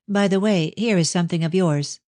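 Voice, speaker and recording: A man's voice: sits high, a little fast, darkish tone, no echo, pitched above the performer's own voice, natural voice. A frightened young daughter, tearful and pleading, her voice lifted well above her reader's own, as a man voices her. She sounds close and dry, like a storybook recording. She sounds breathless with worry. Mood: anxious. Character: anxious tearful young woman, a devoted daughter. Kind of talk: audiobook character reading.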